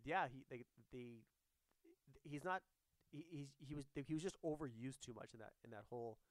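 A man in casual chat, talking haltingly with lots of restarts and hedging. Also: medium pitch, no echo. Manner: halting, many fillers and restarts.

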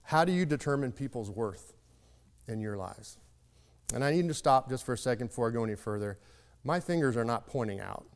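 A man's voice: mid-range voice, expressive, fairly quick. Man preaching in a reverberant hall. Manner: folksy, reflective storytelling with acted quotes. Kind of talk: sermon with storytelling.

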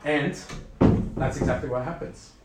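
Casual, animated male preacher. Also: medium pitch, normal speed, echoey room, very noisy. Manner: animated, conversational, many fillers and restarts. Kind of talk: casual sermon.

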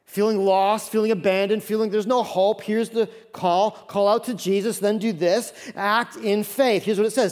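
A man in his thirties preaching a sermon as pastor, acting out the Bible figures in quick voices. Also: sits high, in a large hall. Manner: animated, acts out Bible characters in quick voices.

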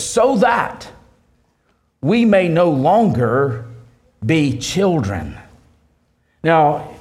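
A man preaching a sermon, leaning on key words slowly and restarting phrases as he explains. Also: fairly high pitch, darkish tone. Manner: preaching with slow emphatic stresses and restarts. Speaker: pastor.

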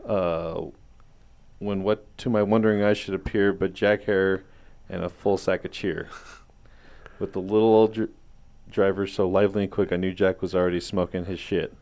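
A man on a podcast reading a holiday parody poem aloud, hesitant at times and quick to put himself down. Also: low voice, little pitch movement, a little mellow. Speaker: podcast co-host.

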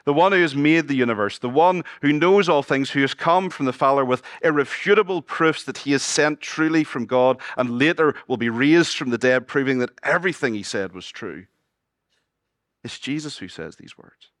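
A man preaching a sermon as pastor, moving between loud exclamations and hushed, low passages and asking his congregation questions. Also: normal speed, no room sound, studio quality. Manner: asks the congregation questions and jokes with them. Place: church.

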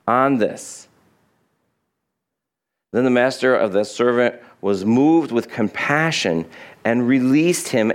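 Man preaching a conversational sermon. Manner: conversational, asks listeners questions; acts out quoted lines with shifts in pitch and pace. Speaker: pastor. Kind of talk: expository sermon.

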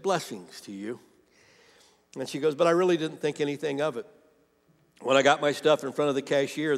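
Gravelly-voiced man preaching in a reverberant hall. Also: on the high side. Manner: animated storytelling, quoting a woman's testimony, rising to fervent appeals. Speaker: pastor. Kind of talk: sermon.

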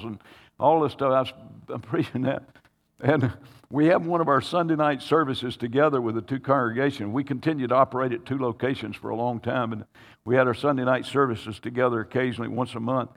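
A pastor telling a personal story in a sermon, earnest and halting, with frequent restarts that build to emotional pleading. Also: male voice, medium pitch, steady tone, big-room sound. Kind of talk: sermon testimony.

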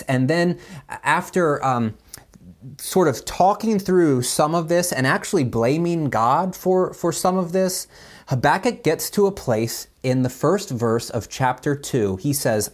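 A man preaching a sermon, reading scripture with lively voiced speeches and chatty asides full of fillers. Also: measured pace. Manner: animated, voices biblical speakers with pitch jumps. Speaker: pastor.

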